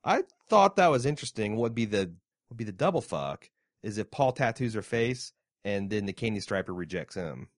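A man's voice: fairly low pitch, sing-song, brisk, no room sound, clean studio sound. Man joking through a TV show chat. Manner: jokey, reads listener mail aloud. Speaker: podcast co-host. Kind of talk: casual chat.

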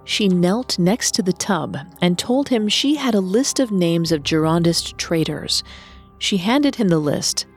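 A woman with a fairly low voice narrates a true-crime story from a script. She speaks in a measured way, leaning on dramatic pauses, with faint music underneath. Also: breathy edge. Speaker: podcast co-host narrator.

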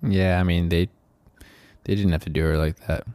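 A man with a very low voice co-hosts a loose podcast chat. He meanders through his thoughts with plenty of fillers and silly tangents. The sound is close and dry, with no room in it. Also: fairly even intonation, moderate pace, a little mellow, no echo. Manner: rambling, lots of fillers and goofy bits. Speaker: podcast co-host. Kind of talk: casual chat.

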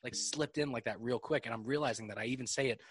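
A man with a New York accent, hosting a casual podcast chat, animated and laughing often. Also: mid-range voice, fast, husky, no room sound, clean studio sound. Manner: animated, laughing, swearing freely. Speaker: podcast host.

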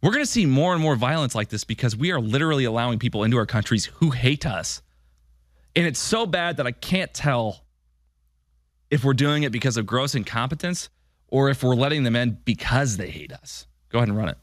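A man's voice: mid-range voice, lively intonation, fairly quick, no room sound, studio quality. Emphatic man hosting a political talk show. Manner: emphatic, repetitive rhetorical questions. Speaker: podcast host. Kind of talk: political commentary monologue.

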